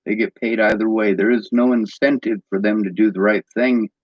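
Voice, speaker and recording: A man's voice: lowish voice, steady tone, normal speed, no echo, highs cut off. A man in an angry personal vlog rant, bitter and agitated, swearing often.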